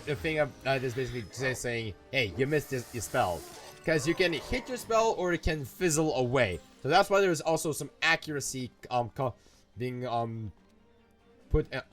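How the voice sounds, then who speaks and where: Rambling young man playing a game. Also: fairly high pitch. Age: young adult. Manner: rambling, self-correcting, playful. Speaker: gaming YouTuber. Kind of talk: let's play commentary.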